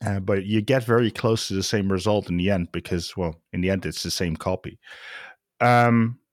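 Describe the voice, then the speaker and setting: A man hosting a podcast conversation, his voice sitting on the lower side. He thinks out loud, circling back and restarting sentences. The sound is close and dry. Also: normal speed, no room sound. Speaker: podcast host. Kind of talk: casual conversation.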